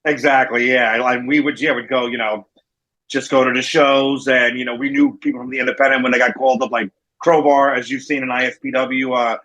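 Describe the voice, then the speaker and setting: A man's voice: mid-range voice, little pitch movement, brisk, sharp tone, rough recording. A man with a New Jersey accent, a wrestling manager and guest, telling stories in a casual interview over a remote call. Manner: storytelling, acting out quoted voices.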